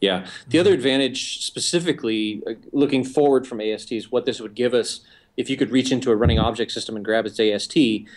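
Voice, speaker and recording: A man's voice: medium pitch, fast talker. Man thinking aloud in tech chat. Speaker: podcast panelist. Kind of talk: casual technical discussion.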